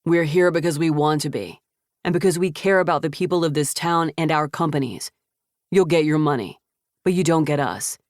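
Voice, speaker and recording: A protective young man in an audiobook, firm and defiant toward his mother, read by a woman narrator. The voice stays low and steady, with a dry, close sound. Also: moderate pace, no echo, natural voice.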